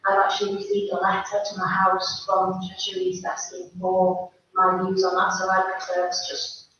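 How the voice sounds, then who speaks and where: A woman councillor speaks carefully at a meeting, with a flat, even delivery. She is heard from across the room, with strong echo and a dull, muffled sound. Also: mid-range voice, moderate pace. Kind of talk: meeting discussion. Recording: echoey, dull room recording from far off with faint noise.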